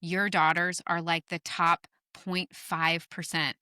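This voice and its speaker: Brief: middle-aged woman, podcast guest, bright forceful tone, lower pitch, animated storyteller. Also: takes it slowly, smooth, dry recording, studio quality. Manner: animated, emphatic storyteller, swears casually. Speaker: guest author. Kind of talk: podcast conversation.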